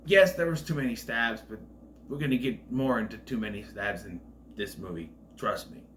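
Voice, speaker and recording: A man giving a casual spoiler review of a film, retelling scenes in an animated, profane way. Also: mid-range voice, normal speed, a little hiss or hum.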